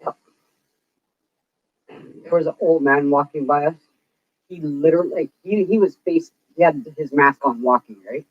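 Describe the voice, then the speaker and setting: In a low voice at a moderate pace, with frequent pauses, a woman vlogger rants and swears freely in casual chat. There's no echo, and the lo-fi recording sounds dull and dry.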